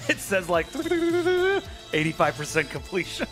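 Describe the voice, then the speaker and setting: A man's voice: sits high, huge pitch swings, takes it slowly, over music. Chuckling game master, a man. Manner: casual, chuckling narration. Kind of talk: narrating a tabletop game.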